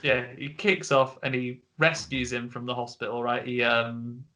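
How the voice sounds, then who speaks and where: A man's voice: medium pitch, little pitch movement, normal speed, pushed and bright, slight background noise. A man co-hosting a casual horror film podcast over a video call, retelling scenes and putting on character voices. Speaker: podcast co-host. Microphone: home mic on a video call.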